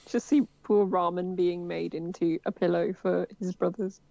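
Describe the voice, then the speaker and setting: A woman's voice: lowish voice, little pitch movement, moderate pace, gravelly, mellow, no echo, lo-fi sound. A woman playing a tabletop game, chatting casually and teasing with giggles. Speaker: player.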